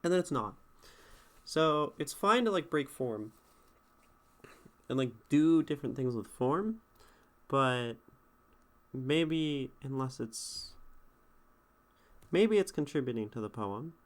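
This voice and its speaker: A man's voice: mid-range voice, animated, slow pace, pauses often. A man streaming live, talking through a poem's meter in a casual, thinking-aloud way and sounding out rhythms. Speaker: streamer critiquing poetry.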